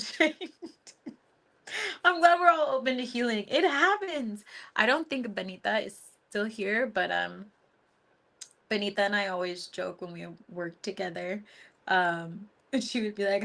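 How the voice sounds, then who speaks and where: A woman's voice: medium pitch, vocal fry, a bit bright. A woman hosting a live Q&A as a spiritual teacher, chatting casually with viewers, gushing and affectionate, laughing often and leaning on fillers. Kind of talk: casual live-stream chat answering viewer comments.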